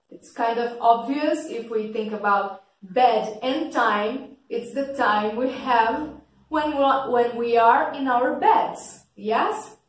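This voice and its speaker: A woman English teacher explaining vocabulary slowly and patiently, checking often with "okay?", in a fairly loud teaching voice. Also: fairly high pitch. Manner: describes her teaching voice as kind of loud. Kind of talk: slow vocabulary lesson for learners. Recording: very echoey room, voice from a distance.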